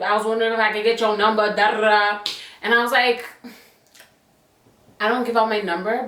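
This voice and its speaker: A young woman telling a personal story to her channel in a chatty, animated way full of slang and asides. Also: medium pitch. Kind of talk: casual storytime. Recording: echoey room.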